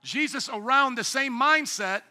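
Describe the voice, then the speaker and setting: A man preaching a sermon as pastor, animated, acting out little voices and sometimes shouting. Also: very high voice, unhurried.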